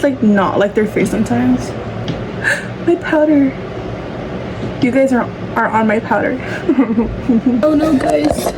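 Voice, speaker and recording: A teenage girl doing her makeup at home while telling a rambling, chatty story full of fillers, as a get-ready-with-me vlog. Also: fairly high pitch. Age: teens. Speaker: vlogger. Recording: steady background noise.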